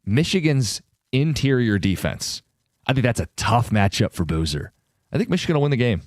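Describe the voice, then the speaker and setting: A man's voice: mid-range voice, big pitch swings, moderate pace, no room sound, studio quality. A man hosting sports talk radio, confident and opinionated as he argues his picks.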